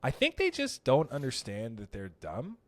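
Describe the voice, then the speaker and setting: A man's voice: medium pitch, moderate pace, no room sound. A man co-hosting a podcast in casual chat, telling stories and jumping into quoted voices. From Canada. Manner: animated storyteller, slips into quoted voices. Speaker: podcast co-host.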